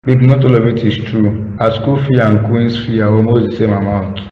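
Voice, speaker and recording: A man voicing a kind father who reasons gently with his wife in a cartoon drama. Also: on the low side, steady tone, a little fast, roomy sound, in a large hall, highs cut off, slight background noise, natural voice. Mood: gentle. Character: kind father, calm husband.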